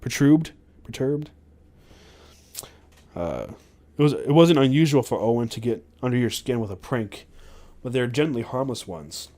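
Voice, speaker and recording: A man's voice: medium pitch, expressive, a little fast, a little mellow. A man hosting a podcast, reading a memoir aloud with frequent stumbles and self-corrections. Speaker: podcast host.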